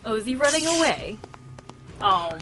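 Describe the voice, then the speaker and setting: A woman's voice: high voice, very animated, normal speed, fairly bright tone. Chatty woman playing a shooter. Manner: chatty, rambling, laughs often. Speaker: gaming channel host. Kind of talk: casual let's-play commentary. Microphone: PC microphone. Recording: game gunfire and noise behind.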